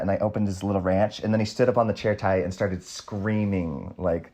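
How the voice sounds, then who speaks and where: A man's voice: low-pitched, steady tone, a little fast, darkish tone. A man co-hosting a casual podcast movie chat, hesitant and rambling as he tells stories. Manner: hesitant, rambling with fillers and laughs. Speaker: podcast co-host.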